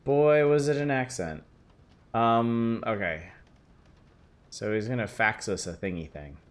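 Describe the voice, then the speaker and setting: A man's voice: medium pitch, unhurried. Chatty male streamer playing a game. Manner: joking, chatty, addresses chat. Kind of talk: casual game commentary.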